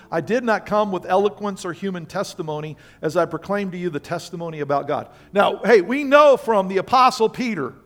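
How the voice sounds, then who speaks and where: An older man preaching a sermon as pastor, lively and conversational, calling on the congregation to respond. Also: sits high. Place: church sanctuary.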